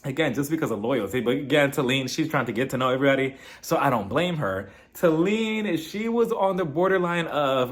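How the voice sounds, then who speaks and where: A man hosting a casual, gossipy review of a reality TV episode, chatty and quick to laugh. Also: medium pitch. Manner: animated, chatty, laughs often. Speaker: reality TV recap host.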